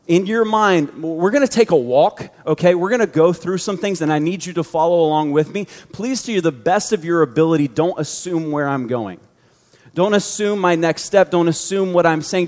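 A man's voice: sits high, a little mellow. A man preaching a sermon to a youth group, conversational and joking as he tells a story. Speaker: youth pastor. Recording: long hall reverb.

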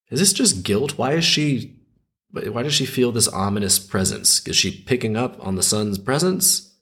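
A man hosting a storytelling podcast, reading a dark fairy tale with wry, incredulous asides. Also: mid-range voice, animated, normal speed.

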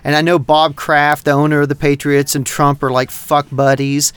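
A middle-aged man from North Texas rambles through a casual podcast chat, swearing constantly. His voice sits a little high for a man and comes across smooth and clear. The sound is dry and close. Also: normal speed, dry recording. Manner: rambling, heavy swearing, animated. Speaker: podcast co-host.

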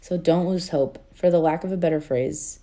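Woman podcast host, low and warm voice, earnest chatty delivery with many fillers. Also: moderate pace. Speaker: podcast host and life coach. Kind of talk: casual faith-based podcast talk.

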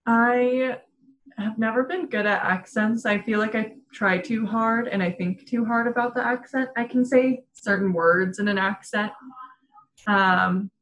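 A woman's voice: fairly high pitch, measured pace, a bit bright, rough recording. A woman in casual chat, giggling often and talking with lots of fillers. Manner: giggly, chatty, many fillers.

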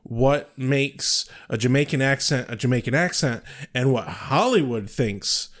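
Man, podcast co-host, casual chat, mid-range pitch, teasing, laughs a lot. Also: unhurried, fairly bright tone.

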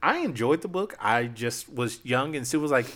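A man's voice: mid-range voice, expressive, normal speed, fairly bright tone. A man chatting casually on a podcast, playful and laughing often as he tells stories. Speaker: podcast guest. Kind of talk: casual chat.

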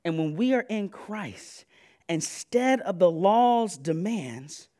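Male preacher, high and lively, casual and slangy sermon delivery. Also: slow. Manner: animated, conversational, slangy and laughing; repeats "listen" to press points.

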